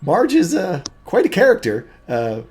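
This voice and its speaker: A man's voice: high-pitched, wildly swooping pitch, measured pace, a little mellow, voice pushed up, heavily acted. A man voicing a cheerful young woman who is a merchant's daughter, talking in a bubbly, eager way in a tabletop game. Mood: chatty.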